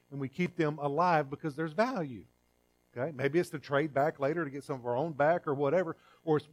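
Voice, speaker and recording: Conversational preacher, swinging loud and soft. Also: male voice, fairly high pitch. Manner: conversational preaching with frequent restarts and repeated words; swings between loud emphatic lines and quiet drawn-out phrases. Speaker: pastor. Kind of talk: sermon.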